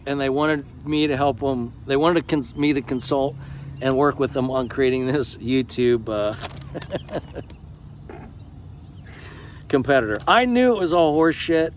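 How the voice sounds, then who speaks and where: A man's voice: a little high, animated, measured pace, long pauses, a little hiss or hum. A middle-aged American man vlogging in a casual, emphatic and effusive way, swearing freely as he talks. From United States. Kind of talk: casual vlog talk.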